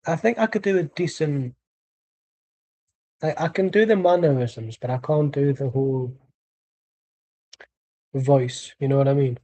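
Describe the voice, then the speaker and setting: A man's voice: mid-range voice, measured pace, long pauses, dark tone. A man streaming a live football watchalong, giving dry, rambling chat and calling out plays. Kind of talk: casual match commentary and chat.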